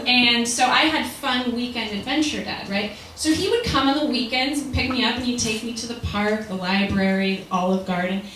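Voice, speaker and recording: A woman's voice: fairly high pitch, bright, forceful tone. A young woman doing a chatty, self-deprecating stand-up set in a small comedy club, with the audience laughing. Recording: echoey club from far off, audience noise.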